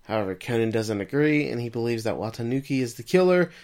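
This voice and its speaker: Guy recapping an episode on a podcast, mid pitch, casual, asks his cohost stuff. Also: animated, quick pace, a little mellow. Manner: narrates plot summary, then asks his co-host questions.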